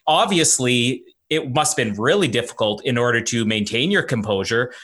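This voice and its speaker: A man's voice: medium pitch, moderate pace, a bit bright. A man hosting an interview, reflecting conversationally on the events with a guest. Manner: conversational, reflective, many fillers. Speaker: host.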